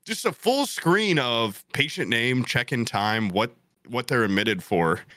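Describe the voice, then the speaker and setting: A young man telling a story in casual chat, animated and jokey, swearing often. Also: mid-range voice, a little slow, no room sound, clean studio sound.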